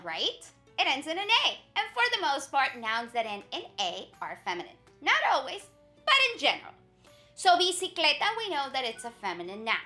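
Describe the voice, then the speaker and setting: A woman teaching a language lesson to learners, encouraging and patient, repeating words slowly to model them. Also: high voice, pushed and bright. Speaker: Spanish teacher. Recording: faint background music.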